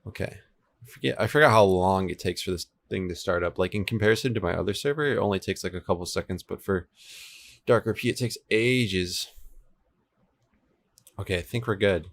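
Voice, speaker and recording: Deep-voiced and brisk, a man in his twenties streams himself building a game server, chatting easily and replying to his viewers' messages. He's at home with an air conditioner running, moving between two desk mics.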